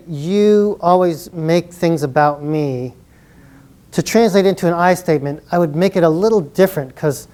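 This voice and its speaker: A man's voice: on the high side, darkish tone. A man presenting a live college workshop to an audience, chatty and encouraging, often laughing.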